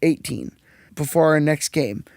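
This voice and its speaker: A man's voice: a little high, unhurried, gravelly, a little mellow, no echo, clean studio sound. A young man hosting a casual podcast, a profane, rambling storyteller who acts out the quotes. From Canada. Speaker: podcast host.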